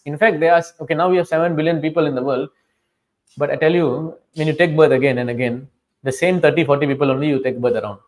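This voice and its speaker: A man leads a scripture class and tells its stories in plain, informal words. His voice sits a little high. He keeps turning to the listeners with quick questions to check that they follow. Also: steady tone, darkish tone. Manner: simple, informal phrasing with frequent restarts. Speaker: teacher of scripture.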